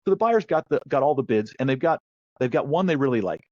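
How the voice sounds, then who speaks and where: A man speaking as a guest in a podcast interview about negotiation, telling stories in a lively, conversational way. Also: mid-range voice, quick pace, dry recording. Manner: lively storyteller who acts out quoted voices. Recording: dull, slightly lo-fi dry sound.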